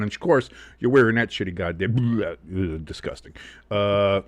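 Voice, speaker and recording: A man's voice: on the low side, moderate pace, no echo. A man hosting a casual live sports talk show, rambling and swearing freely with lots of fillers. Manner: rambling, profane, animated.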